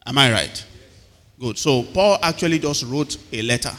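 A man's voice: mid-range voice, expressive, moderate pace, a bit bright. A man preaching a sermon, often calling on the congregation to answer him. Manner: calls to the congregation for responses. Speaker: pastor. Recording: long hall reverb.

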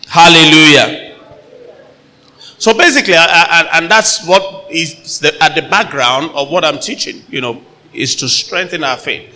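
A male pastor preaches with a fairly high, bright and forceful voice, often calling on the congregation for an amen. He bursts into loud acted-out voices as he retells stories. The sound rings with long hall reverb over faint background noise. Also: measured pace. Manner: calls for amens, acts out voices loudly. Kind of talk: sermon.

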